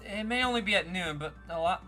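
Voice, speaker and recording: Woman doing a courteous, ingratiating realtor, polished and bright, barely changed from her own voice. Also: on the low side, lively intonation, quick pace, soft background music. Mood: polite. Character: smooth, polite male realtor.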